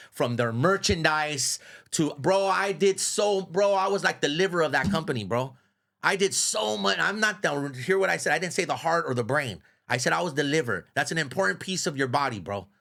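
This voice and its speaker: A middle-aged man, a radio host, telling stories as a guest in a casual, profane, animated way, often saying "bro.". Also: on the high side, moderate pace, creaky. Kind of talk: casual storytelling.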